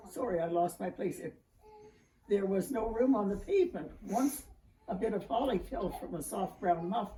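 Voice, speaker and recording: A woman's voice: mid-range voice, slight background noise. Older woman reading a storybook aloud. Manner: lively sing-song storytelling. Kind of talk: reading a picture book aloud. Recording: echoey room heard from far off.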